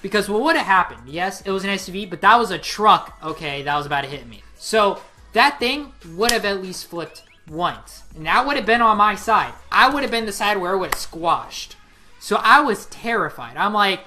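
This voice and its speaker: A young woman in her late teens telling a story on her vlog, excitable and rambling, with lots of "like" fillers. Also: on the low side, normal speed, soft background music. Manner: excitable, rambling, heavy use of 'like'. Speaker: vlogger. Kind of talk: casual storytelling.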